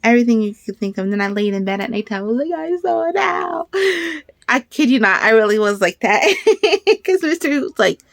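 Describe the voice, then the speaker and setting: A woman in her thirties chatting casually in a crafting vlog, rambling and excitable, with bursts of animated storytelling. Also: medium pitch, quick pace, no room sound. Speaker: crafter vlogger.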